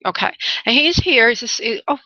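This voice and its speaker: A woman hosts a call-in radio show as a spirit medium, and her voice is bright and forceful. She feels her way through each reading with halting starts and restarts and calls her callers honey and love. The recording is dry and dull, with a lo-fi radio sound. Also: fairly high pitch, expressive, no echo. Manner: halting, searching, with many restarts.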